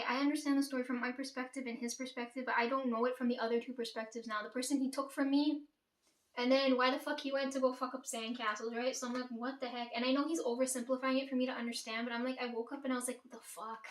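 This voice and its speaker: A woman's voice: high voice, steady tone, fast. Rambling woman in an echoey room. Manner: rambling, profane, many "like" and "right?". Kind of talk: casual dream retelling. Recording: echoey room, voice far from mic.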